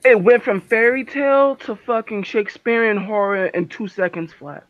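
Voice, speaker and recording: A man's voice: high voice, normal speed, no echo, natural voice. Man playing an angry, stammering werewolf medic. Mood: exasperated. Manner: profane, stammering, swings between loud and muttered. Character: distraught, furious young werewolf medic. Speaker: tabletop game player. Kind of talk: in-character role-play. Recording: dull dry lo-fi recording.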